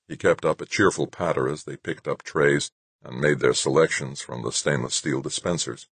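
A male audiobook narrator with a very deep, husky voice, reading steadily. The recording is close and completely dry. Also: moderate pace, no room sound. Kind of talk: scripted narration.

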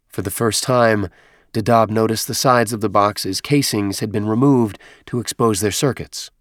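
A man reading a science fiction novel aloud in steady, measured audiobook narration. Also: fairly low pitch, no room sound, studio quality. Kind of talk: scripted narration.

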